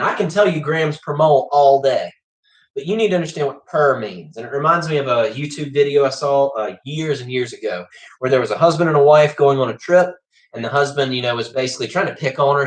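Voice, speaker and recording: A man's voice: medium pitch, fast talker. A man teaching a livestreamed chemistry class, chatty and often checking in with "okay?". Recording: echoey room.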